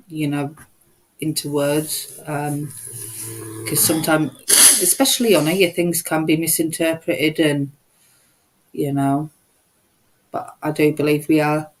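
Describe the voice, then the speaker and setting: A woman co-hosting a live stream, speaking in a soft, agreeable, supportive way. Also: sits low, poor audio. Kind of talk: casual live stream chat.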